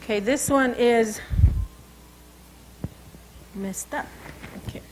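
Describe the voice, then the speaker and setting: Woman cultural educator, high-ish voice, relaxed conversational storyteller. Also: noisy background. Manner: unhurried, conversational, with frequent asides. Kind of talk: oral storytelling and language lesson.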